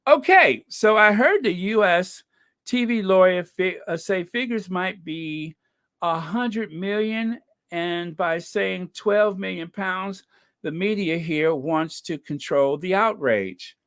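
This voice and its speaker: This is a man hosting a relaxed live podcast, his voice sitting on the higher side for a man. He takes his time, drawing out his words at an unhurried pace. He reads viewer comments aloud and thanks people by name, slipping in wry asides and easy laughs. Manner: chatty, greets and thanks viewers from live chat. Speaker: podcast host. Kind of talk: casual commentary on live stream.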